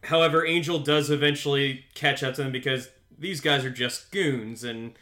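A man's voice: mid-range voice, moderate pace, pushed and bright. A man casually recapping a TV episode as a podcast co-host, rambling with many fillers and restarts, at home with his cat nearby. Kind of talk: casual show recap chat.

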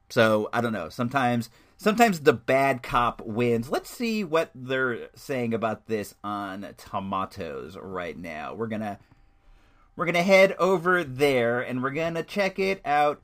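Young male vlogger, chatty movie reviewer, middle-pitched voice with a lively, animated delivery. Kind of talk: casual movie review vlog.

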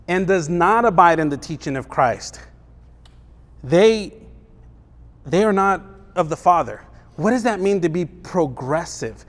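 A man's voice: a little high, lively intonation, measured pace, pauses often, in a large hall. A man preaching a sermon as pastor, conversational and emphatic, firing off rhetorical questions.

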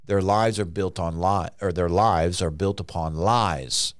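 Male preacher, conversational sermon, sudden high-pitched acted outbursts, dry close recording. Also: fairly even intonation, unhurried, no room sound.

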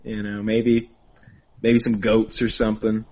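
A man chatting animatedly with friends, talking in fits and restarts. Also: on the low side. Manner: animated, halting with restarts and fillers. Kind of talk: casual chat among friends. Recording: dull lo-fi recording.

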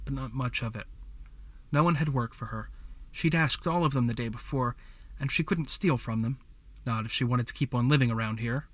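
A man narrating a fantasy story as a scripted audiobook reading, in a measured storytelling manner. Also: mid-range voice, a bit bright, no echo.

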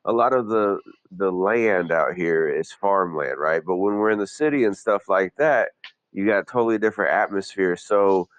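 A man with a deep voice, rambling through joking banter with frequent restarts. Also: moderate pace, dry recording, low-quality recording. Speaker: podcast co-host. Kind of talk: casual comedic chat.

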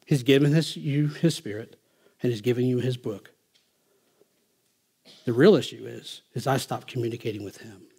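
A male pastor preaching a sermon, emphatic and swinging from quiet asides to loud, driving lines. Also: medium pitch, normal speed, long pauses, breathy edge.

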